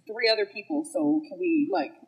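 A woman's voice: on the low side, normal speed, breathy edge, rough recording. A woman co-hosting a true crime podcast, switching between casual banter and reading case facts, often laughing and stumbling over names.

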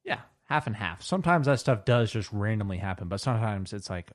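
A man's voice: on the low side, animated, brisk, few pauses. A man co-hosting a casual chat show, telling stories and laughing easily. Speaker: podcast co-host.

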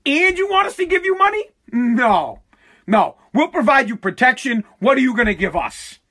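A man quoting a blunt, forceful male president, emphatic and indignant, with his pitch raised. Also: very animated, normal speed, exaggerated voice.

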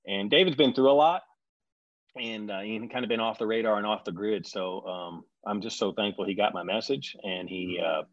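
A middle-aged man telling a story in conversation, animated, acting out the people he quotes. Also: on the low side, normal speed, dry recording. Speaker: guest recalling a reality show reunion. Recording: dry, slightly dull sound.

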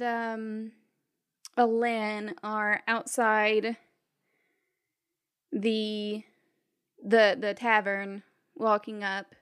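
A woman's voice: fairly high pitch, a bit bright, smooth. A woman narrating a tabletop western game as game master, describing scenes with frequent fillers.

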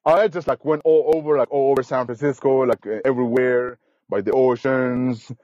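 A man's voice: mid-range voice, steady tone, moderate pace, a little mellow, dry recording, highs cut off. A man as a podcast guest, talking earnestly and enthusiastically, repeating himself, with uneven grammar. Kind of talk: casual interview.

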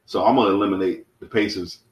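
Low-voiced man laying out his picks. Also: fairly even intonation, fast talker. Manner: methodical, walks through his picks step by step. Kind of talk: casual sports chat. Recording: echoey room.

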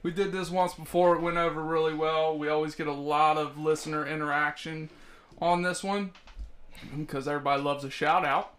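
Self-mocking man, bright voice. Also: fairly high pitch, little pitch movement, fairly quick. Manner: self-deprecating, swearing, joking. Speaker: podcast host. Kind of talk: casual chat.

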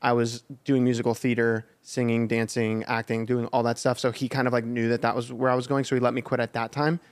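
A young man at a mid-range pitch talks as a podcast guest, easygoing and chatty. He strings his stories together with plenty of "like" and "kind of" as he goes. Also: fast talker. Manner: chatty, many "like" fillers, relaxed storytelling. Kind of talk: casual chat.

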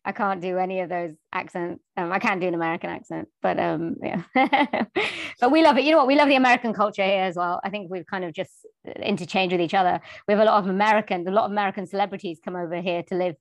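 A woman's voice: mid-range voice, quick pace, no echo. A British woman, a voiceover artist and singer, chatting as a podcast guest and laughing often. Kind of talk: casual chat.

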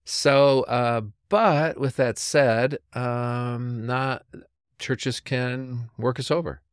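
Male pastor host, casual storyteller, dry close sound, mid pitch. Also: fairly even intonation, very slow, clean tone, no echo. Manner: storytelling, thinks out loud with restarts. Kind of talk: casual theological chat.

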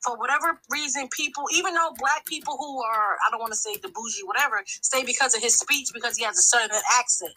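A woman with a high-sitting, pushed, bright voice calls a talk show and talks fast, barely pausing, on a low-quality recording. Her impassioned commentary is emphatic and long-winded, and she keeps restarting sentences.

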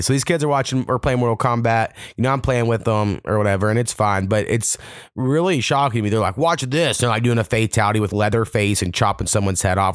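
A man's voice: fairly low pitch, smooth, no echo, clean studio sound. A man in his thirties hosting a solo podcast, telling casual, profane stories and acting out the people in them. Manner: profane, animated, quotes people in put-on voices. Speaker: podcast host.

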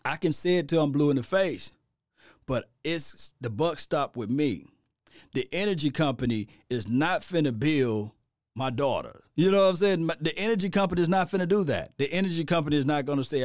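A middle-aged man giving opinionated casual sports commentary as a host, animated and rambling, repeating himself and adding preachy asides. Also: on the high side, a little fast, no echo, clean studio sound.

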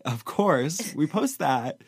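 A man's voice: on the high side, very animated, slow pace, slightly rough, no room sound. A man co-hosting a late-night casual podcast from a closet, giggly and theatrical with bursts of laughter. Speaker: podcast co-host.

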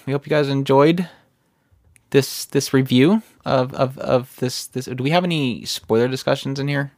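A man's voice: mid-range voice, moderate pace, darkish tone, no room sound, studio quality. A man co-hosting a podcast, rambling in a casual chat with many fillers and restarts. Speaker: podcast co-host.

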